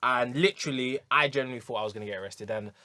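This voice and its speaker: Bright-voiced man telling an anecdote. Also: mid-range voice, rapid-fire, slight background noise. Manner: rambling anecdote telling, acts out quotes loudly. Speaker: jiu-jitsu competitor, podcast co-host. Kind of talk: casual chat.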